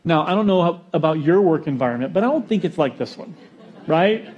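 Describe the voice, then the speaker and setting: Guy pastor giving a sermon, kinda high voice, animated storyteller, muffled lo-fi sound. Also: brisk. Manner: storytelling, animated with jokes and acted-out quotes.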